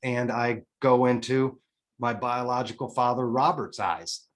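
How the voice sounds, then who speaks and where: A man's voice: mid-range voice, a little slow. A man in his forties, a podcast guest telling a personal story in a candid, emotional way, with casual swearing and restarts. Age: 40s.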